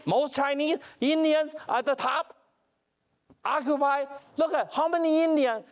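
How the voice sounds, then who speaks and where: A man giving a joking conference keynote as a company CEO, telling animated stories with broken grammar and restarts. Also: extremely high pitch. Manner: animated storytelling with jokes; non-standard grammar, restarts. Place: conference hall. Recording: dull lo-fi conference audio.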